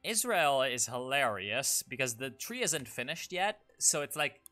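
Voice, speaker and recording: Rambling, sarcastic young gaming commentator. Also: male voice, mid-range voice, very animated, measured pace, pushed and bright, soft background music. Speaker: gaming YouTuber. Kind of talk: casual game commentary.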